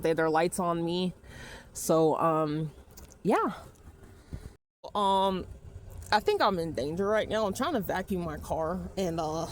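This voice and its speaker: A woman's voice: fairly low pitch, slight background noise. A woman from California, rambling anxiously and swearing into her phone outdoors at night. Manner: rambling, frightened, swears a lot. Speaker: vlogger. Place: outdoors at a car wash at night. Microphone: phone held while talking.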